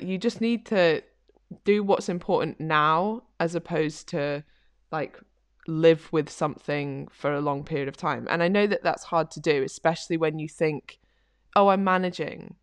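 A woman co-host on a fitness podcast, talking in a loose, chatty way and dropping in "like" often. Her voice sits a little low, and the mic is close and dry. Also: moderate pace, no echo. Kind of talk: casual chat.

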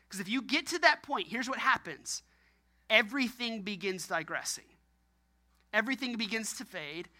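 A man's voice: high-pitched, pushed and bright. A man preaching a sermon about marriage, emphatic and repetitive, often laughing. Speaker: pastor.

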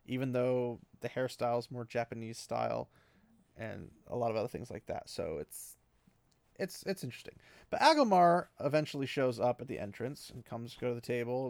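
A man's voice: medium pitch, a little mellow, smooth, no echo. A man casually recapping a fantasy book chapter, rambling with many fillers and small laughs.

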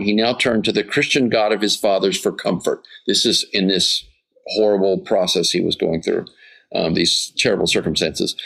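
A man with a lowish voice delivers an informal sermon. He reads passages aloud, breaks off to explain them, and keeps checking in with his listeners. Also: steady tone, moderate pace, gravelly, a bit bright. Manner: informal, checks in with "right?" and "okay?". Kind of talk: conversational Bible teaching.

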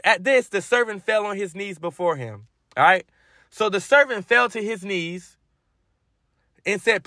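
A man's voice: sits high, sharp tone, no echo, clean studio sound. A man preaching a conversational sermon, reading scripture and retelling it in colloquial.

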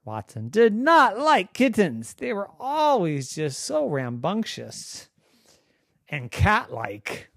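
A man telling an improvised bedtime story in a gentle, playful way. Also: sits high, wildly swooping pitch, slow, creaky, no echo, studio quality.

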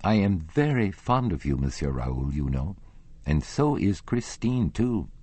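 Kindly old lady, chatty, easily laughing; voiced by a male audiobook reader, lively in pitch. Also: measured pace, husky, full character voice. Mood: fond. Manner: chatty, laughing, then indignant. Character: kindly white-haired old lady, happy and candid.

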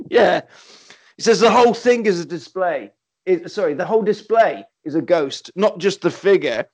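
A man's voice: high voice, moderate pace. A man co-hosting a casual chat, retelling a film with lots of laughter and swearing. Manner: animated, acts out characters in quotes, laughs often, swears. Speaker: podcast co-host.

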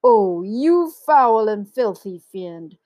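A woman voicing an indignant male elephant in a children's story, loud and scolding. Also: mid-range voice, big pitch swings, slow pace, dry recording, clean studio sound.

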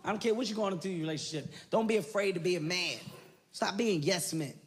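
A man performing a stand-up comedy routine, loud and animated, swearing often and shouting his punchlines. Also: high voice, quick pace. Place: large venue with a live audience. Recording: live show with crowd laughter and noise.

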